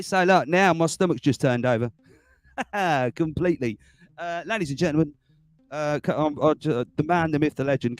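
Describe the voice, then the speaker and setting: A man in his forties hosting a casual livestream chat, chatty and excitable, laughing often. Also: fairly high pitch, no room sound. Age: 40s. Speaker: livestream host.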